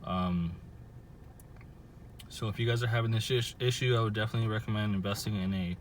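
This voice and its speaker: A man's voice: lowish voice, fairly even intonation, brisk, a little hiss or hum. A man from Southern California, filming a casual vlog outdoors by his car and explaining car trouble in a rambling way, full of fillers and restarts. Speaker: car owner vlogger.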